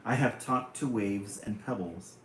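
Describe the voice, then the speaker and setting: Guy reading a mopey lovesick turtle begging his sweetheart, slow, little faint hum behind. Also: lowish voice, natural voice. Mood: pleading. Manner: tender, pleading, sing-song. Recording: roomy room, faint hum.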